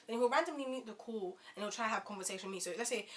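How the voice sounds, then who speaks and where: A young woman telling a storytime tale in a chatty, animated way, often turning to her viewers. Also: fairly high pitch, rapid-fire, hardly any pauses, background noise. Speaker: vlogger.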